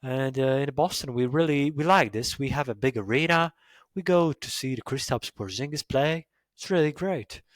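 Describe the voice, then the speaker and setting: A man putting on a proud male local who brags loudly in a raised voice. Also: completely flat delivery, slow, hardly any pauses, clean tone, no echo, natural voice. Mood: boastful. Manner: boastful, loud, raised pitch. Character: proud male local bragging about his city.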